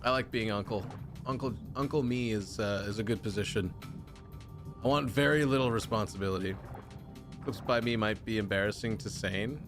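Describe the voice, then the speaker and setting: A man's voice: on the low side, moderate pace. A man streaming a video game, chatting casually with viewers in joking, rambling, self-mocking banter. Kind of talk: casual live-stream chat. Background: game music.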